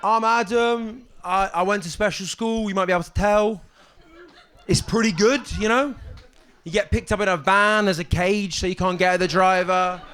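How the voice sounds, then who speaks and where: A young man with a fairly high voice does a stand-up set at a comedy club mic. He talks in a halting, deadpan way, often stopping on ums and restarting sentences. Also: clear, resonant tone.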